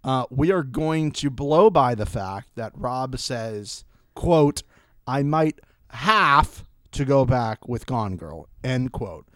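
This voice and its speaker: A man's voice: mid-range voice, lively intonation, takes it slowly, a bit bright, no echo, clean studio sound. A young man co-hosting a casual reality-TV podcast, chatting with mock-dramatic asides. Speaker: podcast co-host.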